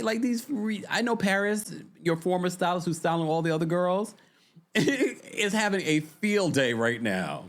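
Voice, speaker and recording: A man's voice: sits high, measured pace. A man hosting a casual reality TV recap, exasperated and chatty, reacting to his viewers. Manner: exasperated, animated, chatty, talks to the chat. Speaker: podcast host.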